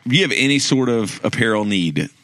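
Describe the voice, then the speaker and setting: A man co-hosting a casual sports podcast, laid-back and animated. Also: mid-range voice, fairly quick, no echo. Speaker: podcast co-host. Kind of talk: casual chat and read ad.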